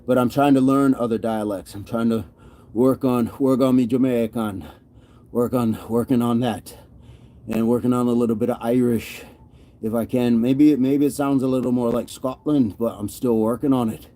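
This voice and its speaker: A man's voice: medium pitch, fairly even intonation, normal speed, warm tone. A man hosting a fitness livestream, reading viewer comments aloud and answering them in a casual, encouraging, upbeat way. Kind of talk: casual live chat while working out.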